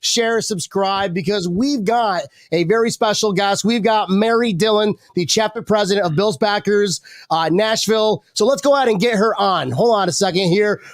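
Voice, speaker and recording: A man hosting a live sports fan show, hyped and energetic, with quick restarts. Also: high-pitched, dry recording, studio quality. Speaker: host.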